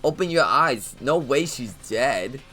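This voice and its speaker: A man's voice: mid-range voice, expressive, slow, pushed and bright. Man doing a Jersey-accented slacker guy in a game, easily spooked, drawling, game music behind. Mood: rattled. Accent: New Jersey.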